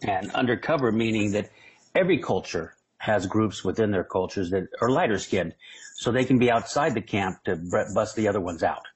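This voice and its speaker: A man from San Diego talks as a comedy guest, spinning animated, joking stories in a relaxed interview. His voice sits somewhat low with a husky, slightly rough edge. He rambles and restarts as he goes. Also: moderate pace, poor audio. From San Diego, California. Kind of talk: casual interview storytelling.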